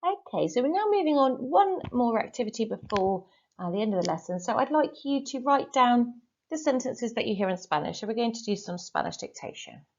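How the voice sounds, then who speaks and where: A woman Spanish teacher giving a recorded lesson, reading dictation sentences slowly and carefully, then going through corrections. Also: fairly high pitch, sing-song, dull audio. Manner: slow, carefully spelled-out dictation.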